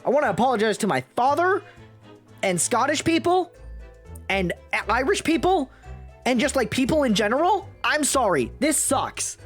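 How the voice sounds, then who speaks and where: A young man streaming a game, chatting loudly and excitably with a lot of swearing. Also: very high-pitched, normal speed, soft background music. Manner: loud, profane, excitable. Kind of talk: casual game commentary.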